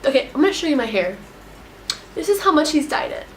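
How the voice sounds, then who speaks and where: A woman's voice: high-pitched, sing-song, fast talker, slight background noise. A teenage girl telling a storytime vlog in a casual, rambling way, upset and full of "like". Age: teens. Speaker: vlogger.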